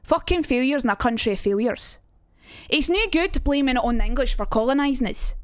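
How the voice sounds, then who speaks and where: A woman putting on an Edinburgh accent to play a bitter, swearing Scottish man, gruff and harsh. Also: high voice, expressive, fairly quick, dry recording, clean studio sound.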